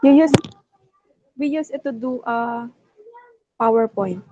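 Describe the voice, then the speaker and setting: A woman's voice: a little high, a little slow, warm tone, a little hiss or hum. A young woman student with a Filipino accent, giving hesitant clues in an online class, full of ums. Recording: dull dry lo-fi mic.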